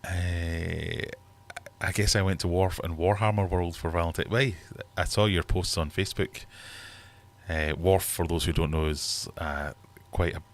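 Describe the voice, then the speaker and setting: A British man in his thirties hosts a relaxed livestream from his home fish room. His voice sits very low, and he rambles good-naturedly, cracking jokes as he reads viewers' comments aloud. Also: measured pace, a little hiss or hum. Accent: British English. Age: 30s. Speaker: livestream host. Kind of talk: casual livestream chat.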